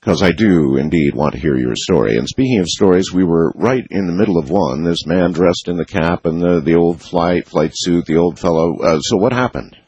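A man hosting a late-night call-in radio talk show, speaking in a slow, deliberate, emphatic way. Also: deep voice, a little mellow, slightly rough, dry recording. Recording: dull lo-fi radio studio sound.

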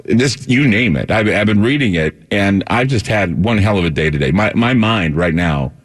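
A man's voice: on the low side, lively intonation, normal speed, breathy edge. A tired male talk radio host in a rambling monologue, often repeating words and restarting.

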